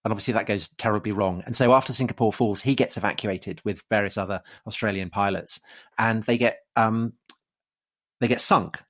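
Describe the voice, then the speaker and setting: A fairly quick, lowish, slightly bright voice belongs to an English man co-hosting a casual history podcast. He often restarts and leans on fillers, chuckling as he moves from point to point.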